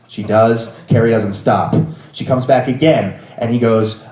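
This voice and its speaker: A man's voice: medium pitch, a little slow, darkish tone. Man in his thirties, live comic storyteller, rambling and wry, bursts into rants, roomy venue. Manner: rambling, self-deprecating, bursts into exasperated rants.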